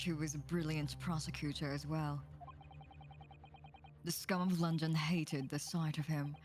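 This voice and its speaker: A woman reading the narration of a grave, aristocratic male prosecutor in a measured, solemn way. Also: sits low, a little mellow, close to an everyday voice.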